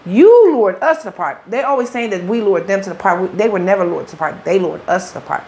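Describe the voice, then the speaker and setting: A woman talks bluntly and profanely, laying out her story in an interview. Her pitch sits in the middle of the range. A faint hiss of noise runs under her voice. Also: animated, quick pace, a little mellow. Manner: blunt, profane street talk. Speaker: interview guest.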